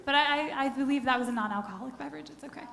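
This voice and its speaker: Chatty high-voiced woman on stage. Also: very fast, gravelly, fairly bright tone, a little hiss or hum. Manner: chatty, giggly, rambling asides. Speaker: singer and band member. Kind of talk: live stage banter between songs. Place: live music venue stage. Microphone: stage vocal mic. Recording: roomy live concert sound with band music.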